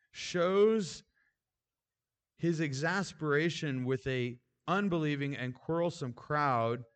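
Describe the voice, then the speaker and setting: A man delivering a sermon in an easy, conversational manner. He talks informally, with casual asides and restarts, as if chatting with the congregation. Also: on the high side. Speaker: pastor.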